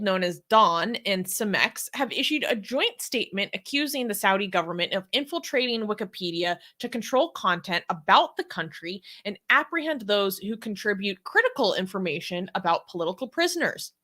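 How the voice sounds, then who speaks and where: A woman's voice: medium pitch, pushed and bright. A woman co-hosting a casual live stream, playful and giggly, who also reads news items aloud. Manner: giggly, playful, laughs often. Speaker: CEO and co-host.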